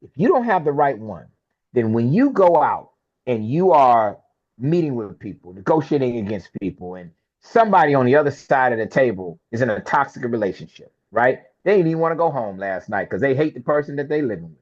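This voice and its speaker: A male film producer appears as a guest on a podcast interview, telling stories in an animated way and acting out the dialogue he quotes. His voice sits at a medium pitch and moves fairly quickly. The sound quality is lo-fi.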